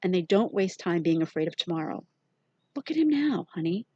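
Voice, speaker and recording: A gentle mother soothes her sick son in a soft, low voice, read by a woman. Her tone is husky and breathy, and the audiobook recording sounds dull and dry. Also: sing-song, fairly quick, no echo. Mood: tender.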